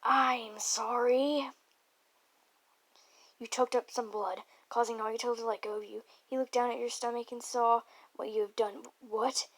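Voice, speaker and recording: A woman's voice: a little high, level tone, a little fast, poor audio. A woman reading a fanfic aloud, stumbling over words and dropping offhand side comments.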